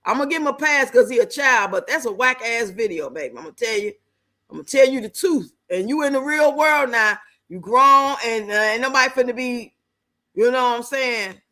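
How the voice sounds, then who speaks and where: A woman talks straight to her viewers on a live stream with a bright, cutting tone. She's blunt and salty, and she tosses out slang and jokes while she reads their messages aloud. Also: on the high side, expressive, brisk. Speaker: livestreamer reacting to videos and reading chat. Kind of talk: casual live stream chat.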